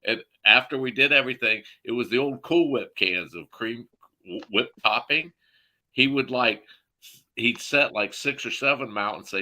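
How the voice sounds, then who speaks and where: A man's voice: medium pitch, normal speed, pushed and bright. A man in casual chat, telling profane stories with frequent laughter.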